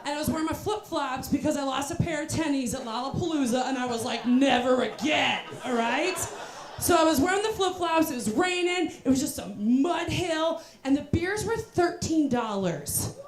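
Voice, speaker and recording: Performing stand-up before a live audience, this young woman speaks in a high, animated voice at a moderate pace. She spins self-deprecating tales punctuated by voiced asides and punchlines, captured in a roomy venue with the crowd present.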